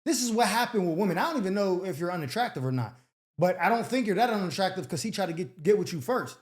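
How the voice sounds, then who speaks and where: A man's voice: sits high, expressive, fast. A man hosting an advice show, giving blunt, slangy, mocking commentary. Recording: roomy echo.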